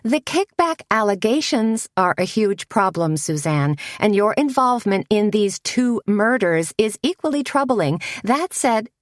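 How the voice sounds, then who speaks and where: A woman's voice: medium pitch, big pitch swings, unhurried, hardly any pauses, dry recording, clean studio sound, voice pushed up. A woman voicing Lenore, a haughty committee member who talks in a stiff, disapproving way.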